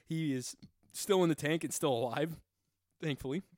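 A man's voice: on the high side, moderate pace, darkish tone, dry recording, clean studio sound. A young man co-hosting a casual podcast, swearing freely and acting out quoted voices as he tells stories. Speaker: podcast co-host.

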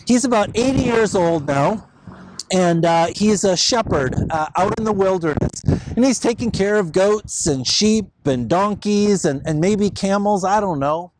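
A man's voice: high-pitched, measured pace, noisy background. A male pastor retelling a story in a casual, conversational sermon, with fillers and asides.

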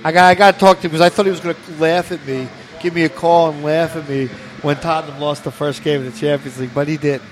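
A man's voice: fairly high pitch, steady tone, fast, few pauses, slight background noise. A man co-hosting a casual soccer talk show, chatty and argumentative, with lots of "you know.". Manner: chatty, fills with "you know" and restarts, argues points. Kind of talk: casual sports chat.

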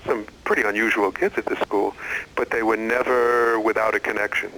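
A middle-aged man, an experienced educator, answering interview questions in an earnest, measured way with frequent restarts. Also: lowish voice, little pitch movement, pushed and bright, slight background noise, poor audio. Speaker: educator and former school head.

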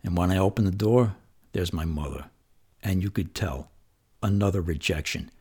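A man's voice: deep voice, moderate pace, darkish tone. A man from New York telling a personal childhood story in a conversational, wry and vivid way. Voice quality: gravelly and husky. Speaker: memoir storyteller.

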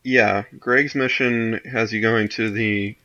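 A man in casual chat about a video game, speaking in a relaxed, halting way. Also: lowish voice, dull audio. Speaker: podcast co-host discussing a video game.

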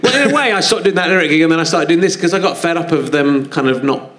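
A man's voice: on the high side, fast, very noisy. A male host of a live podcast, cutting in with wry remarks.

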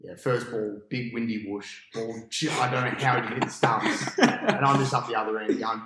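A cricket captain telling a long match story on a podcast, in a casual, animated way and with an Australian accent. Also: male voice, mid-range voice, normal speed, few pauses, reverberant, noisy background. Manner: animated storyteller, acts out his own past thoughts.

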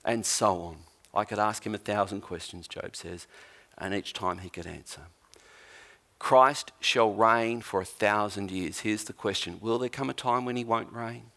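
A pastor delivers a sermon in a lowish voice at a measured pace, telling a Bible story with humour. He's an animated storyteller who acts out the lines of its characters.

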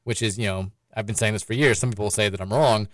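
Male sports radio host, quick delivery and sarcastic edge, close dry studio sound. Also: fairly low pitch, fairly even intonation, a bit bright, no room sound. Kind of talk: casual sports talk.

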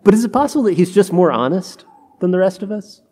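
Preacher, male, high-pitched, delivers a homily and acts out quoted complaints. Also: animated, fast talker, dark tone. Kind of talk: sermon.

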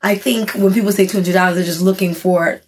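A woman co-hosting a casual podcast chat, animated and quick to laugh. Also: on the low side.

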